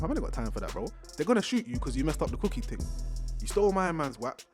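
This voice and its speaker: A young man doing an animated, slang-heavy comedic recap, acting out the characters in jumpy voices. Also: fast talker, faint music behind. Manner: animated, acts out characters with big pitch jumps. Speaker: recap host.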